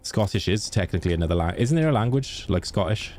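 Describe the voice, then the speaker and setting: A young Welsh man with a deep, low voice keeps up easy, chatty talk with his stream audience, answering viewers by name and laughing easily. A faint background noise sits under his voice. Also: expressive, fast talker, darkish tone. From Wales. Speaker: game streamer. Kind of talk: casual live-stream chat.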